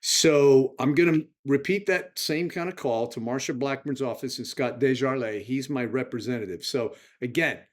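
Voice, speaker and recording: A man's voice: medium pitch, normal speed, hardly any pauses. A man hosting his own video, giving indignant, chatty political commentary straight to his viewers. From United States. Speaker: vlog host. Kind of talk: casual political commentary to camera.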